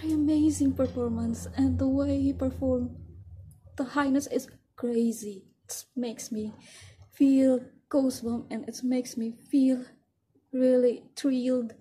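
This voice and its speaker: A young woman hosting a reaction video, gushing emotionally in halting, full of "like"s. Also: sits high, dark tone, slightly rough. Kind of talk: casual reaction commentary.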